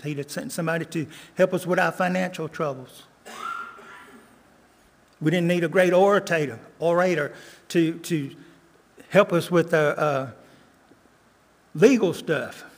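An older man preaching a sermon as a guest preacher, earnest, repeating lines and slowing down for emphasis. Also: on the high side. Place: church sanctuary. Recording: long church reverb.

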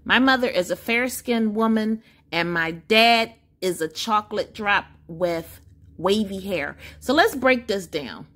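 A woman's voice: medium pitch, animated, a little slow, fairly bright tone. A woman vlogger chatting casually to camera, reading results aloud with asides.

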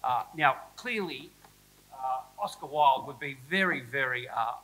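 A man's voice: medium pitch, animated, unhurried, bright, forceful tone, low-quality recording. A man with an Australian accent giving a humorous, chatty keynote talk to educators, teasing the audience and himself. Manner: playful, self-mocking, chatty with the audience. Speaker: keynote speaker at an educators conference. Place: school hall, live audience.

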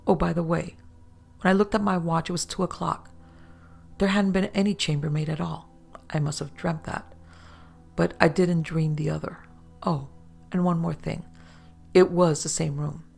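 A woman voicing a dapper male storyteller, calm and sly, in a measured way. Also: sits low, gravelly, breathy edge, soft background music, heavily acted. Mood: grave.

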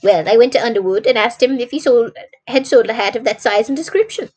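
A woman reads the part of a proud male detective, eager and boastful as he recounts his own clever work. The voice stays fairly high, close to the reader's own. It comes across as storybook narration. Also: quick pace, a little mellow, slightly rough. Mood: telling.

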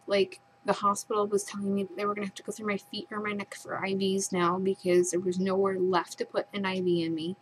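A young woman with a lowish voice recounts a painful personal ordeal, earnest and upset, in casual storytelling. A faint hum of room ambience sits behind her. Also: rough recording. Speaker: vlogger.

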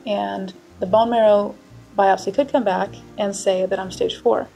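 A woman's voice: medium pitch, a little slow, creaky, soft background music, low-quality recording. A woman recording a late-night video diary from her hospital room, speaking steadily and matter-of-factly. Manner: flat, steady, matter-of-fact. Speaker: patient vlogging from the hospital.

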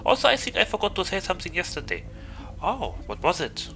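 A male game streamer with a German accent talks to his viewers in a loose, joking way. His voice sits a bit high and sounds very bright, and his pitch jumps around a lot. Faint music plays underneath. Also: wildly swooping pitch, fairly quick, low-quality recording. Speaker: VTuber streamer. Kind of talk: gaming livestream chat.

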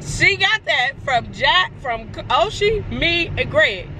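A woman with a Chicago accent, narrating her vlog in a lively, casual way and talking straight to her viewers. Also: high voice, takes it slowly, slight background noise, rough recording. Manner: animated, laughing, talks straight to the viewers. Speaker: vlogger.

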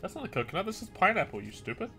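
Male streamer, lively up-and-down voice, crude, gloating play-by-play. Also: sits high, racing, over music. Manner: excitable, crude gloating trash talk, bursts of shouting. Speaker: gaming streamer. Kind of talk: live gameplay commentary.

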